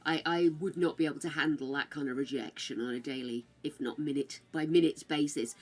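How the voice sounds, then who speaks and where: An older woman from the UK with a British accent that drifts between regional accents, chatting casually on her game stream and calling viewers darling and dearie. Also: lowish voice. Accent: British, shifting between regional accents. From United Kingdom. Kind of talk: casual livestream chat.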